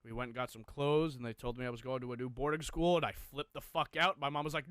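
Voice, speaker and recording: A man's voice: medium pitch, steady tone, fast, few pauses, a bit bright, smooth, no echo. A young man co-hosting a podcast, intensely retelling a personal story with heavy swearing. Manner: profane, intense, emotional retelling. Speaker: podcast co-host.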